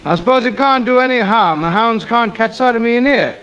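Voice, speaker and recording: A man voicing a pompous, self-pitying suburban gent who is quick to get indignant, in an AI-voiced comedy sketch. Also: very high-pitched, a bit bright, dull audio.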